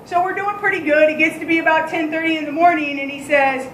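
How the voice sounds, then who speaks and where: Woman, camp leader, high voice, candid and animated storyteller, roomy echo. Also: fast talker, some chatter behind, a little hiss or hum. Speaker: day camp and child care leader. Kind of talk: heartfelt thank-you speech telling a story.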